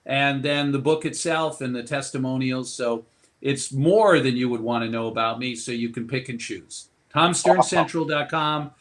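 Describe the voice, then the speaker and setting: A man's voice: mid-range voice, moderate pace. Expansive storytelling male guest. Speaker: guest author. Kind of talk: interview storytelling.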